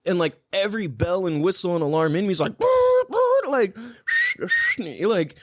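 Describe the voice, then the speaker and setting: A podcast host chats casually, rambling and swearing heavily, with "like" scattered all through his talk. His voice is high-pitched and a little fast, recorded at studio quality with no room sound.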